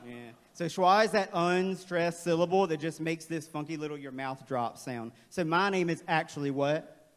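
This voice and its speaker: A man leading a playful, energetic, interactive staff training workshop in a large auditorium. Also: on the high side, normal speed. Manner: playful, energetic, calls on the crowd. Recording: long hall reverb.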